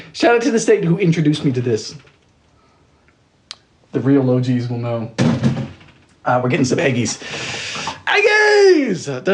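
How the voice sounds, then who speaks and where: A man's voice: high-pitched, slight background noise. A man in his twenties chatting playfully through a live cooking stream, reading viewer comments aloud with a joke for each. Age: 20s. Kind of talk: casual live-stream chat while baking.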